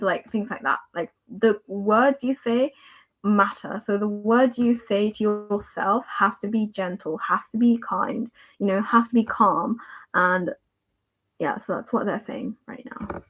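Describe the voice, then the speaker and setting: A young woman reads tarot cards for viewers in a relaxed livestream chat. Her voice sits at an ordinary middle pitch, and her talk rambles along full of fillers and repeated words. She keeps a gentle, reassuring tone throughout. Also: measured pace.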